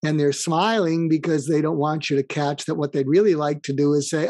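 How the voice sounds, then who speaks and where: A man's voice: on the high side, steady tone, fairly quick, few pauses, a little mellow, no room sound. A man being interviewed as a guest author, explaining his advice through anecdotes and acted-out dialogue. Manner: explains through stories, acting out quoted dialogue.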